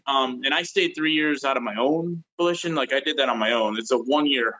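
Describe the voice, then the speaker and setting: A man's voice: medium pitch, brisk, bright, forceful tone, lo-fi sound. A man in his thirties on a video call, chatting casually and acting out quotes as he tells stories. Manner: rambling storyteller, acts out quotes. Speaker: guest.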